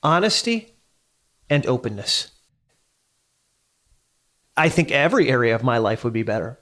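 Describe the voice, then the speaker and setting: A man's voice: mid-range voice, sing-song, moderate pace, a bit bright. A middle-aged man hosting a solo talk, speaking conversationally, asking listeners questions and repeating lines for emphasis. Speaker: podcast host.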